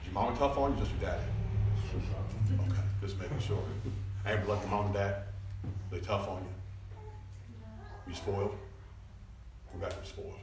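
A man preaching a lively sermon, animated and prone to loud bursts and mimicking people, recorded in a church hall from a distance. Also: on the low side, normal speed, pauses often, noisy background. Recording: echoey church, mic at a distance.

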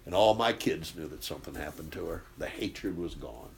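Male preacher, low-pitched, passionate sermon; loud surges, then quiet intensity. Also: lively intonation, moderate pace, creaky, a little hiss or hum. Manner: impassioned, swinging from loud bursts to hushed intensity.

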